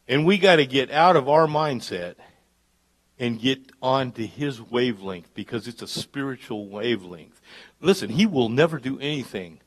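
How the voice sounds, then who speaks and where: A pastor preaching a live church sermon, dropping to hushed asides and climbing to loud, emphatic peaks. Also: male voice, medium pitch, slightly rough. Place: church service.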